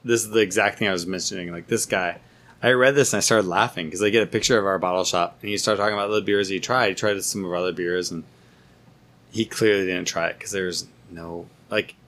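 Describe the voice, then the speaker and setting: A man, a brewer talking as a guest in a casual podcast chat, telling animated stories and laughing often. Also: low voice, fast talker. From United States.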